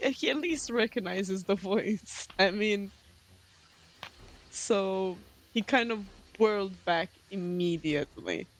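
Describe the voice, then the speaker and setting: A man's voice: high voice, a bit bright, rough recording. A man playing in a tabletop game who talks in a hesitant, stammering way. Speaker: player. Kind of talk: casual tabletop play.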